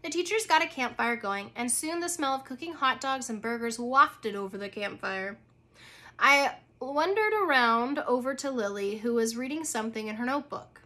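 A woman's voice: a little high, expressive, moderate pace, sharp tone. A woman reading a children's book aloud in an informal way, with occasional slips and restarts. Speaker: reader.

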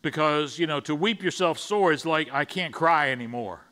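A man's voice: on the high side, normal speed, pushed and bright. A man preaching a conversational sermon in church, stumbling over restarts and acting out the disciples' side in paraphrase. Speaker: pastor. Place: church sanctuary.

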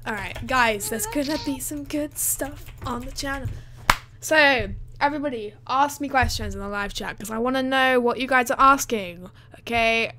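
A woman's voice: high-pitched, moderate pace, noisy background. A woman, livestreaming her gaming in a hyper, chatty way full of fillers. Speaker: gaming streamer. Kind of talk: excited livestream chat.

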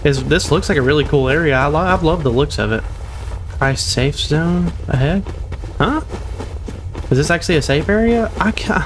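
A man's voice: a little high, animated, moderate pace, heavy background noise. A young man giving live gameplay commentary on his first playthrough, exclaiming and groaning at his own mistakes. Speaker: gamer streaming a first playthrough.

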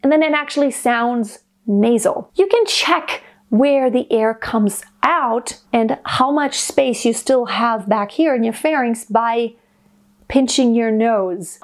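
Female vocal coach, pitch a touch high, calm step-by-step explainer for a singing lesson. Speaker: voice teacher.

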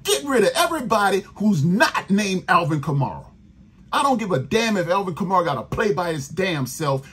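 A man's voice: high-pitched, very animated, fairly quick, fairly bright tone, breathy edge. A man, hosting a sports podcast, venting in a profane, exasperated rant about his team. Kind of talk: angry fan rant.

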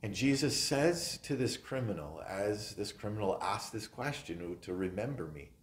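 Man, pastor, sermon, earnest and emphatic, very expressive pitch, soft trailing phrase ends. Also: moderate pace, a little hiss or hum. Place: chapel. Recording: echoey chapel room.

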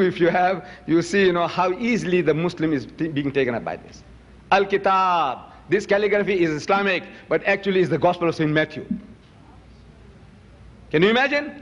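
A man giving an emphatic public lecture, firing rhetorical questions at his audience. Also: a little high. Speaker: Muslim lecturer. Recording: dull recording in a reverberant hall.

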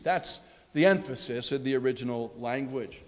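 A man preaching a sermon as pastor, emphatic and repetitive, with his voice dropping low at the ends of phrases. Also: moderate pace, darkish tone, in a large hall. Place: church sanctuary.

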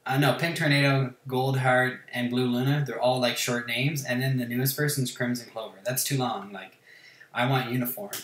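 A man's voice: medium pitch, steady tone, normal speed, a bit bright. Rambling, profane man in an echoey room. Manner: rambling, profane, self-mocking. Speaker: gaming channel host. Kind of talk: casual chat while playing a game.

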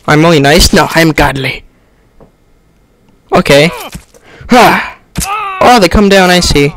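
A young man on a headset giving excitable let's-play commentary, yelping and laughing as he plays. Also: on the high side, slow, long pauses, slight background noise. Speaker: gamer.

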